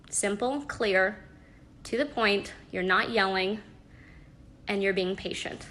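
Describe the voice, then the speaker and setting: A young adult woman giving parenting advice in a casual live-stream chat, practical and chatty with soft laughs and fillers, talking into a phone at home. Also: medium pitch, slow, a little hiss or hum.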